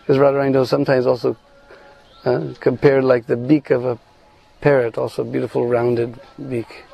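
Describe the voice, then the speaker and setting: A man telling a devotional story, animated, with many asides and fillers. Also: medium pitch, normal speed, vocal fry, breathy edge, soft background music, poor audio. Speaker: spiritual storyteller.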